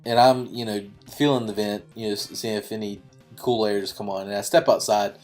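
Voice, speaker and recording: A man's voice: lowish voice, steady tone, fairly quick, darkish tone, faint music behind. A man hosting a gaming channel, telling a rambling, self-mocking story packed with fillers. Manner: chatty, self-mocking, full of "you know" fillers. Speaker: YouTube gaming channel host. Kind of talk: rambling casual storytelling over gameplay.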